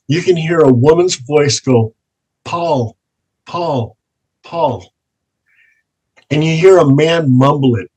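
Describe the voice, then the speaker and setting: Man, paranormal investigator, interview guest, dramatic storytelling, slightly high voice, unhurried. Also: husky, poor audio. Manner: slow, dramatic storytelling with drawn-out words.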